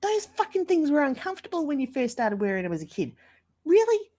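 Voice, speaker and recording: A woman's voice: high voice, sing-song, fast, a little mellow. A woman telling a story in a casual livestream, chatting and swearing freely.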